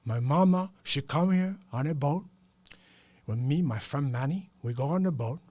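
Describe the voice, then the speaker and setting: A brash, menacing male gangster, as a man puts him on spits out threats in loud, broken English and stretches his words. The voice sits a little higher than usual and leans into every line. It sounds dry and close. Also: sing-song, no room sound, heavily acted. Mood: boastful. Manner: swaggering, drawn-out threats.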